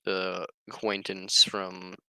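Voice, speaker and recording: Deep-voiced man rambling offhand. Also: monotone, slow, sharp tone, smooth, no room sound, poor audio. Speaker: streamer. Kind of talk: casual monologue.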